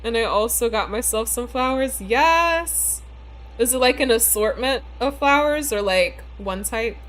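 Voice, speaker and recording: A woman's voice: fairly high pitch, expressive, a little slow, a bit bright. A woman streaming a game live, chatting casually with lots of "like" and "you know", her speech a little slurred from a bitten tongue. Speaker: livestream gamer. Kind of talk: casual live-stream chat while playing.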